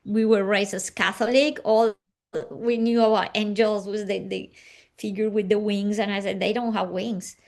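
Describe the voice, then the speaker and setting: A woman with a medium-pitched, level voice speaks at a normal speed as an interview guest. She earnestly tells a personal story in slightly non-native phrasing, acting out what other people said.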